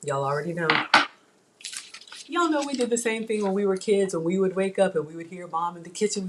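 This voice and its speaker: A woman's voice: mid-range voice, animated, fairly quick, a little hiss or hum. A middle-aged woman hosting a live cooking stream from her home kitchen, chatting with viewers and calling them y'all. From Africa. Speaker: cooking channel host.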